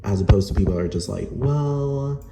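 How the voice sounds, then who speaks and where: A man's voice: low-pitched, flat delivery, racing, gravelly, dark tone. A man from Rico, a Spanish speaker, ranting angrily and profanely to camera with lots of "like". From Puerto Rico. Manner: profane, heated, fillers of "like". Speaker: vlogger. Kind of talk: angry rant to camera. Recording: roomy echo.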